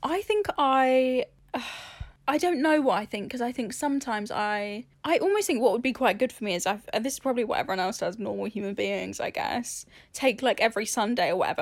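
A woman's voice: fairly high pitch, brisk, no echo. A woman co-hosting a casual podcast chat, candid and swearing freely as she talks through her feelings. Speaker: podcast co-host.

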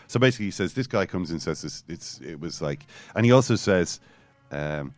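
A man hosting a podcast, telling a football story with animated, storytelling energy and reading quotes aloud. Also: low-pitched, fairly quick, no echo. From Ireland. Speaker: podcast host. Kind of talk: casual football chat.

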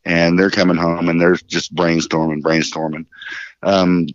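A deep-voiced man on a dull, muffled phone line. He is dry and close, with no room sound. He tells jokey stories in a casual way and chuckles as he goes. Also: flat delivery, unhurried, no room sound. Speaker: band bassist, phone guest. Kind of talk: casual interview storytelling.

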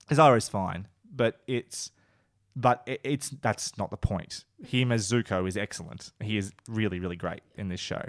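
A man co-hosting a casual podcast, retelling favourite scenes with enthusiasm and getting emotional. He swears casually and talks in a relaxed, rambling way. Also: on the low side, normal speed, no echo, studio quality. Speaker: podcast co-host. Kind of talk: casual chat.

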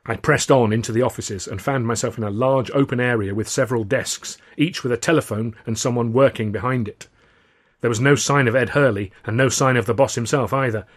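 Husky-voiced man narrating a comic novel. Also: medium pitch, a little fast. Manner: wry, lively storytelling with character voices. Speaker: author and narrator.

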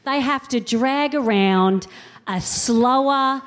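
Woman comedian, about 40, slightly high voice, animated live storytelling, dry self-mockery. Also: slow. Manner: animated, acts out quotes in mock voices; wry, self-mocking. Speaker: comedian and co-host. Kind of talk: comic storytelling before a live audience.

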